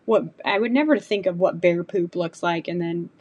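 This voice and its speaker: A woman's voice: on the low side, normal speed, a little mellow, husky, muffled recording. A woman chef and hunter, a guest on a podcast, talking in a chatty way with many fillers and easy laughs. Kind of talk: casual interview.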